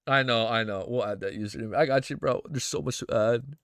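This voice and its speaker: A young man streaming, reacting emotionally and excitedly to fan art in casual chat, swearing often and calling viewers dude and bro. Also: medium pitch, brisk, no room sound, clean studio sound.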